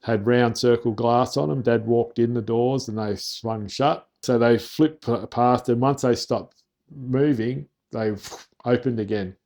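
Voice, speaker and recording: A man's voice: medium pitch, measured pace, darkish tone. An Australian farmer, a man, telling rambling stories in a casual podcast chat and dropping in local slang. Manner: rambling, with restarts and Aussie slang. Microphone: sitting face to face with the host.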